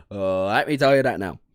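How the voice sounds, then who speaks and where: A man from the North of England with a Northern English accent, casually chatting on a livestream. He swears freely, laughs often and jumps into high-pitched outbursts. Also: no echo, studio quality. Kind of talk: casual livestream chat, reading and reacting to chat.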